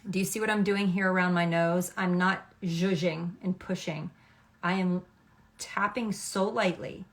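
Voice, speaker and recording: A woman's voice: lowish voice, fairly even intonation, measured pace. A middle-aged woman, a makeup artist, explaining a makeup routine step by step in a chatty, instructive way, often checking in with "okay?". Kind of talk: makeup tutorial.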